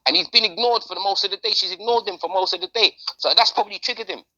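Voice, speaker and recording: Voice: mid-range voice, fast, pushed and bright, lo-fi sound. A podcast host, chatting casually in slang and repeating phrases for emphasis. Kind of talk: casual chat.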